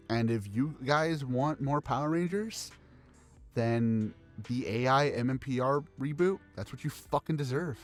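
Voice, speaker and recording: Exasperated man ranting with repeated curses. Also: medium pitch. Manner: frustrated, profane, repeating himself. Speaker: podcast co-host. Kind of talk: casual podcast rant.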